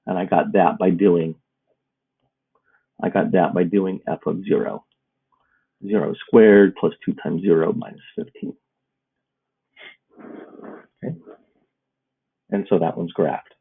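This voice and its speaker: A man's voice: low-pitched, slow, vocal fry, pauses often, husky. A man teaching a math lesson, working through problems step by step in a recorded video. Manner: steady, step-by-step explaining. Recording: muffled phone-like audio.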